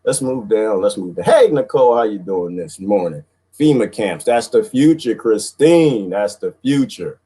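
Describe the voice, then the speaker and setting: A man's voice: lowish voice, animated, normal speed, mellow, husky. A man from the Washington, D.C. area hosting a casual livestream, greeting viewers by name and switching voices playfully. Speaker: livestream host reading viewer comments.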